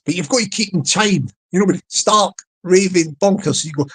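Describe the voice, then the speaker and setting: A man's voice: high voice, animated, a bit bright, husky, low-quality recording. A man on a casual live stream, playfully repeating a catchphrase and coaxing his chat to join in. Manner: repetitive, playful, drawn-out delivery.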